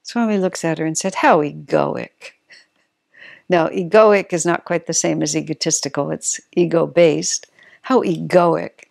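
A woman's voice: low-pitched, fairly even intonation, normal speed, vocal fry, hardly any pauses, darkish tone, dry recording, studio quality. Thoughtful woman giving a spiritual talk. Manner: thoughtful, searching for words, self-correcting.

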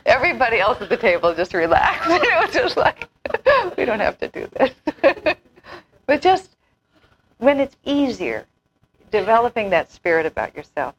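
A woman's voice: on the low side, very animated, moderate pace, highs cut off, slight background noise. Laughing woman telling spiritual anecdotes. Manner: chatty storyteller, laughs often, acts out quotes. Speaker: spiritual teacher. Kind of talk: informal spiritual talk with anecdotes.

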